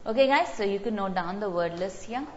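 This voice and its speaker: A woman's voice: mid-range voice, expressive, a little fast, a little hiss or hum. A woman teaching an online test-prep class, repeating key words and explaining them through stories. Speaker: GRE vocabulary teacher. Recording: slightly dull lo-fi audio.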